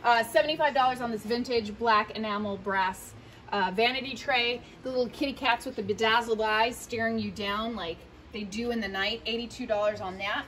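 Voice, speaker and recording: A woman's voice: fairly high pitch, moderate pace, a bit bright, a little hiss or hum. A woman casually walking through an antique shop, listing prices in a chatty, playful way with jokey asides. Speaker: shop host touring sale items. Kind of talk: casual product walkthrough.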